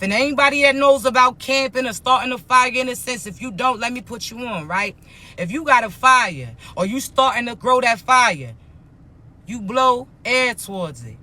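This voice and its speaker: A woman coach delivers a motivational spiritual talk with a bright, forceful edge to her voice. She speaks bluntly and emphatically, in heavy slang with plenty of swearing. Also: on the high side, animated, normal speed.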